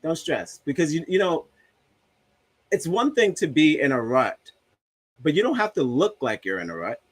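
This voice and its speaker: This livestream host has a fairly high, very animated voice and speaks at a normal speed. He chats loosely and jokes while reading viewer comments aloud, muttering to himself about a broken soundboard.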